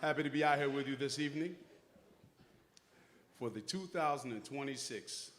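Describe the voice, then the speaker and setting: A middle-aged man hosting a ceremony with a mid-pitched, everyday voice. He tells a homespun story in a folksy, uplifting way. His pitch jumps sharply whenever he acts out the other people in the story. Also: normal speed, a bit bright, slight background noise. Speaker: master of ceremonies. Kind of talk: uplifting speech with a personal story. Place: church hall at an awards ceremony.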